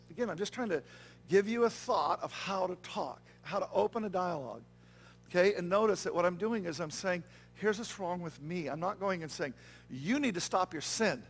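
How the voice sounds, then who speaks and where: A man with a fairly high voice preaches a sermon in church as pastor, with slight background noise. He sounds earnest and conversational, often checking in with the congregation through "okay?" and "right?"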